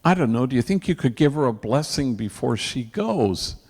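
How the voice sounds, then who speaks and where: A man's voice: medium pitch, moderate pace. A man recounting an anxious grown father pleading. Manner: excited, pleading. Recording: long hall reverb.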